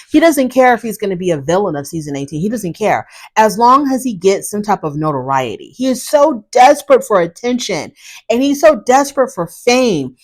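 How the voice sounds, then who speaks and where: A woman recapping a reality TV episode in casual, animated commentary, often acting out what people said. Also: mid-range voice. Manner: animated, opinionated, acts out quotes; frequent fillers and restarts.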